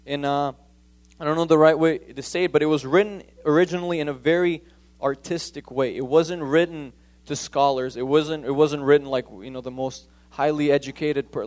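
A man's voice: fairly high pitch, darkish tone. A man preaching a conversational sermon, emphatic and repeating key points.

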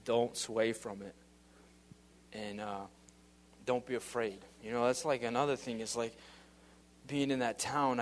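A man's voice: medium pitch, slight background noise. Earnest man rambling through a testimony. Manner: earnest, rambling, with many fillers and restarts. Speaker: youth minister giving a testimony. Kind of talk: casual spoken testimony.

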